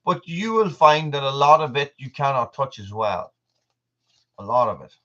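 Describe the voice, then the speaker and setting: Irish male host, mid-pitched, rambly live chat with viewers, slightly dull lo-fi sound. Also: animated, normal speed, fairly bright tone. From Ireland. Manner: rambling, answers viewer comments by name. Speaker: channel host. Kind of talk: casual livestream chat.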